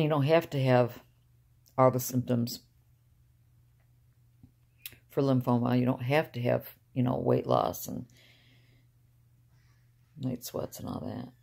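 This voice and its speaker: Low gravelly older woman, soft and halting. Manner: soft-spoken, halting, trailing off with sighs. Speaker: vlogger. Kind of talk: rambling casual talk to camera. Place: inside a parked car.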